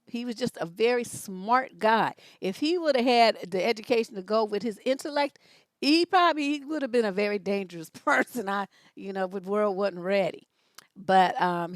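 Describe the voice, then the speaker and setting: On a livestream, a sassy and lively relationship coach and advice host spins a casual story, her pitch leaping whenever she quotes herself. The recording is dry.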